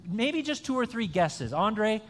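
A man with a high voice preaches a conversational sermon in a church sanctuary. He talks in a chatty, joking way and often restarts his sentences. A long hall reverb trails each phrase. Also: big pitch swings, unhurried, a bit bright. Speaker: pastor. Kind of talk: conversational sermon with an interactive quiz.

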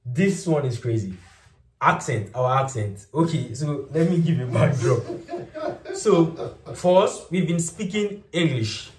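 Laughing often, a young Yoruba-speaking Nigerian vlog host tells animated stories in a casual chat. His fairly high voice moves at a measured pace, recorded from a distance with crowd noise in a roomy, slightly off-mic setting.

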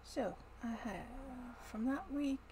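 Woman, livestream host, rambling self-talk, slow unhurried delivery, higher voice, steady background noise. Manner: rambling, thinking aloud to herself. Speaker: writing sprint host. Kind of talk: casual livestream chat.

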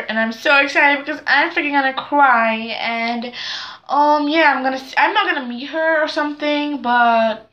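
A teenage girl chatting to camera at home in an excitable, rambling, self-deprecating way. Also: high-pitched, echoey room, muffled recording. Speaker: vlogger. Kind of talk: casual chat to camera.

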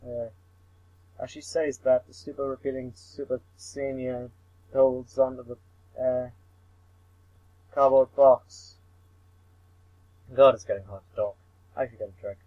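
A man's voice: mid-range voice, fairly even intonation, measured pace, long pauses, a little mellow, dry recording, muffled recording. A young man reading a visual novel aloud for laughs, mumbling, tripping over words and swearing at himself. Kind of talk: comic read-through of a visual novel.

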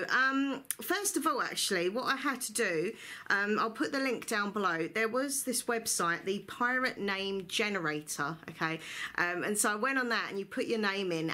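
Bubbly, bright-voiced woman vlogging. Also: medium pitch. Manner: chatty and bubbly, laughs often. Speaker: book vlogger. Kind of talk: casual chat to camera.

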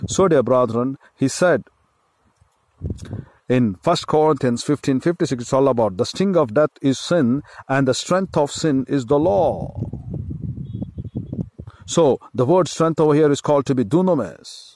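A man with an Indian English accent preaching a sermon as a pastor, in a slow, emphatic style with repeated phrases. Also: medium pitch, darkish tone.

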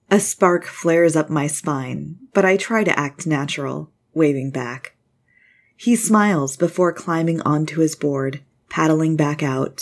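A woman narrating a first-person story in a measured, scripted style. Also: low-pitched, a little mellow, breathy edge.

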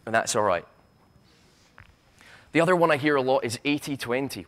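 A man with a Glaswegian accent giving a conference keynote. He is impassioned and sarcastic, swears freely, and stumbles into quick restarts. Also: medium pitch, animated, fairly bright tone. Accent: Scottish, Glaswegian. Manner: impassioned, stammering restarts, rapid asides. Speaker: keynote speaker. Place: university conference hall.

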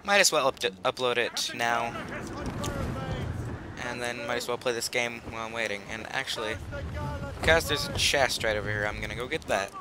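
A teenage boy with a mid-range voice, speaking at a moderate pace over background noise, hosts a gaming channel. He gives casual let's play commentary on a video game, rambling in a chatty, silly way and trailing off mid-sentence.

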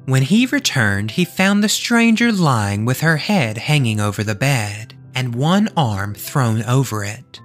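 A man storytelling on his own podcast, voice rising and falling with lots of movement in his pitch. His reading is expressive, and soft music plays faintly behind him. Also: a little slow, hardly any pauses. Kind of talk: reading a classic tale aloud.

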